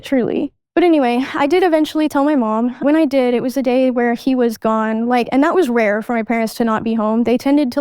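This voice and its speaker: A young adult woman, a podcast guest, recounting her life in a halting way, often restarting sentences and reenacting old conversations. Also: on the high side, darkish tone, clear, resonant tone, no room sound. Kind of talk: candid personal storytelling.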